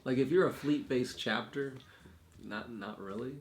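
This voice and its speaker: A man's voice: medium pitch, unhurried, echoey room, slight background noise. A young man co-hosting a casual chat, rambling loosely with fillers and jokes. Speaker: co-host.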